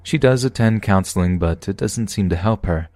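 Deep-voiced man reading a true story. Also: no echo. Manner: steady, measured first-person reading. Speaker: podcast narrator. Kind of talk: scripted horror story narration.

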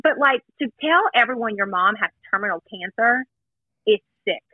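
A woman's voice: mid-range voice, lively intonation, normal speed, no room sound. A woman guest chatting casually and emphatically, driving home her points as she recounts a story. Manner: emphatic, chatty, stresses points with "let me tell you". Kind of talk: casual gossip chat. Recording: tinny phone-line audio.

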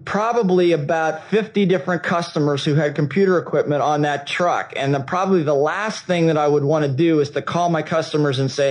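Animated man telling a story. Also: fairly high pitch, fairly quick, few pauses, poor audio. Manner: animated, acts out dialogue, frequent restarts. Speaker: seminar speaker. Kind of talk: storytelling talk.

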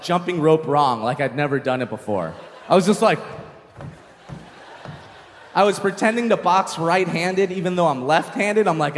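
A young man doing a stand-up comedy set, telling a story with animated delivery and shouted punchlines. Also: high voice, in a large hall. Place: comedy stage with live audience.

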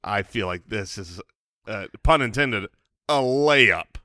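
Guy cohosting a chat show, bright voice, bouncy pitch, rambly and jokey. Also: animated, slow, no room sound, studio quality. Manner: rambling, self-deprecating, jokey. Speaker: podcast co-host. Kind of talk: casual chat.

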